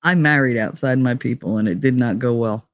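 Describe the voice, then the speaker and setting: A woman's voice: extremely low pitch, a little fast, dry recording. A woman, hosting a podcast and telling a rambling, profane story, laughing as she goes. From New Jersey. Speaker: podcast host. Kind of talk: casual storytelling chat.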